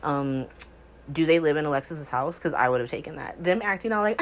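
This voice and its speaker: A woman's voice: low voice, fairly quick, low-quality recording. A woman hosting a casual soap opera recap from home, talking in a sassy, exasperated way full of rhetorical questions.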